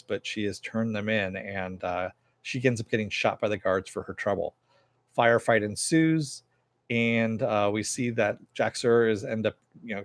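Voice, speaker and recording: Low-voiced man rambling through a recap. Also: no room sound. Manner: rambling, frequent fillers and swearing. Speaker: TV episode reviewer. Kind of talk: casual episode recap.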